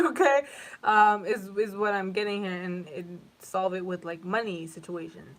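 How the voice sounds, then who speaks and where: A woman's voice: medium pitch, fairly even intonation, normal speed, fairly bright tone. A young woman giving a casual tarot reading to camera, rambling and emotional, with frequent swearing and fillers. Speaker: tarot reader.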